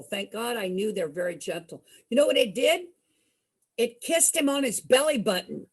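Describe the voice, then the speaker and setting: A woman entertainer telling a story and leading a sing-along, chatty and animated, speaking straight to her audience. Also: medium pitch, husky.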